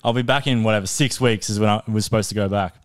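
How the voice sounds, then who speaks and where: Speaking quickly in a lowish, steady voice, this young podcast co-host relaxes into a lengthy tale full of swearing and keeps laughing through it. It's recorded on a studio podcast microphone.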